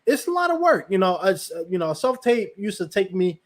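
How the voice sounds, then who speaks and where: A man's voice: high voice, very animated, brisk. A man hosting a podcast interview in casual conversation, talking in a rambling way and leaning on "you know" fillers. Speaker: podcast host.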